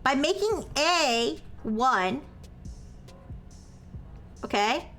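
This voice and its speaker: A woman's voice: big pitch swings, drawn-out words, fairly bright tone, soft background music. A woman live-streaming, explaining a math problem step by step to her chat and checking in with "okay?" after each step, turning apologetic when corrected. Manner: self-described as highly caffeinated.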